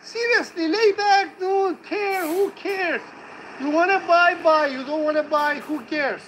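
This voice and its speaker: A man's voice: very high-pitched, unhurried, fairly bright tone, slight background noise, rough recording. A man chatting casually outdoors on a street, teasing and swearing in a mock-grumpy way. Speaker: vlog companion. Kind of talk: casual joking chat.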